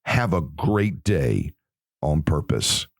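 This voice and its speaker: A man's voice: a bass voice, sing-song, takes it slowly, vocal fry, noisy background. A man hosting an inspirational Christian podcast, speaking earnestly in a preacherly way and drawing words out. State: emotional. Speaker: podcast host.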